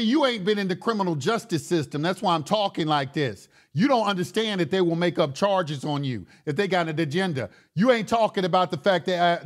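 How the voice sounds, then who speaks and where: With a high voice, a male talk show host launches into a heated, profane monologue. As he gets worked up, he repeats words and keeps restarting his sentences.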